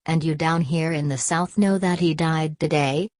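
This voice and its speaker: A woman reading a nervous, deferential man from inland for an audiobook. The voice is low and the reading is calm and measured. The close recording is dry. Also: dry recording, lightly acted. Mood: earnest.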